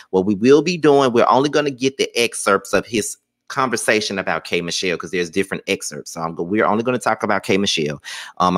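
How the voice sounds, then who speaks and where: A man's voice: sits low, no echo. A man hosting a commentary channel, talking casually and directly to his viewers. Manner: talks directly to viewers, relaxed and conversational.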